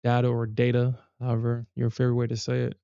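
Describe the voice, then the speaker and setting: Man, gravelly voice, rambling casual livestream chat, dull lo-fi sound. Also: mid-range voice, completely flat delivery, very fast, warm tone, dry recording. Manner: rambling, many restarts and self-corrections. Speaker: livestream trader host.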